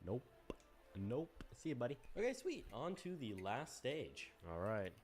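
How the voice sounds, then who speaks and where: A young man gives casual gameplay commentary with a mellow, darker tone. He talks playfully and teases as he goes, like a streamer enjoying some mischief. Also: medium pitch, huge pitch swings, unhurried. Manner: playful, teasing, mischievous banter.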